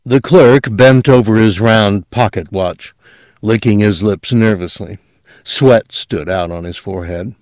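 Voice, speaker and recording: A man reading a story aloud as narrator, measured and steady, dropping quiet at moments. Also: fairly low pitch, no echo, studio quality. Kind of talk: audiobook narration.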